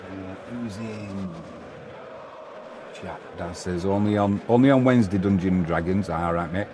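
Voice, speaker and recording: A middle-aged man from England hosts a live match stream, commenting on the game while bantering casually with viewers and reading their messages aloud. His voice is low and a little slow, with background noise in the recording.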